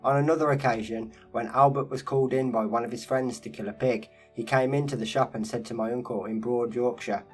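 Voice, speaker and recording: Male narrator, mid-pitched, steady measured storytelling read, faint guitar bed underneath. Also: low-quality recording. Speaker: narrator reading a first-person memoir interview. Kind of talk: scripted narration.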